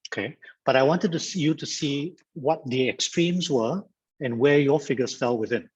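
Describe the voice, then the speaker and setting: A man from Singapore leads a mediation workshop over a video call, his voice husky and the sound a little dull. He repeats phrases and banters like an auctioneer, keeping a lively classroom pace. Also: mid-range voice, normal speed. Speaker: guest speaker at a mediation training. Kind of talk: interactive online lecture.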